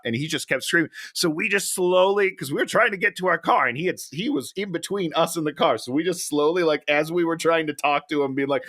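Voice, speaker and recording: A man's voice: fairly high pitch, a little fast, few pauses, no echo, clean studio sound. A man co-hosting a podcast in a casual movie review chat, telling stories with animation and laughing often. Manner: animated storyteller, acts out quotes, laughs often. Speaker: podcast co-host.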